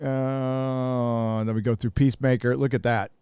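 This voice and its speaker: A man's voice: medium pitch, level tone, a little slow, darkish tone, clear, resonant tone, no echo, studio quality. A middle-aged man from the United States hosting a live stream, talking bluntly and profanely in rambling casual commentary with many restarts.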